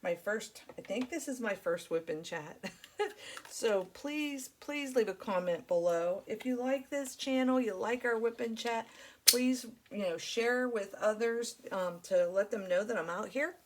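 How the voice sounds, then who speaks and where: A woman's voice: on the high side, unhurried, a little hiss or hum. A woman hosting her crafting channel, chatting casually while she works, rambling and friendly with many fillers.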